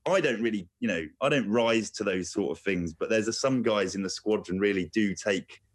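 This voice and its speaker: A man on a radio show as a guest, telling a funny story in an animated, chuckling way. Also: fairly low pitch, normal speed.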